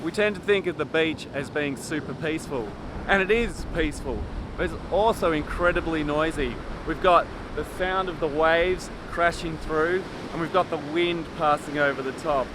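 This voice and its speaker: A man's voice: fairly high pitch, normal speed, few pauses, background noise. A man explaining filmmaking to camera in an upbeat, conversational teaching style, recorded on a lapel mic. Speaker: filmmaking tutor. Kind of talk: instructional video talk to camera.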